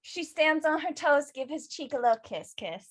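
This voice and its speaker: Woman, high voice, tabletop role-play narration, animated, laughing. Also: normal speed. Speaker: player.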